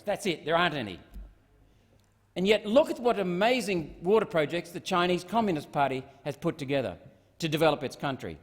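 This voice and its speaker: A man's voice: fairly high pitch, animated, brisk. A middle-aged Australian man giving a combative parliamentary speech, firing off repeated rhetorical questions. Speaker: senator. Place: parliament chamber. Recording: long reverb of a large chamber.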